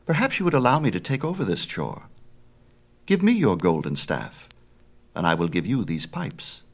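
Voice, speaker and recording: A man's voice: lowish voice, big pitch swings, normal speed, vocal fry, pitched above the performer's own voice, full character voice. A male reader voicing a clever, mischievous infant god who drives sly, mock-polite bargains in a storybook myth. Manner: impish, wheedling, mock-polite.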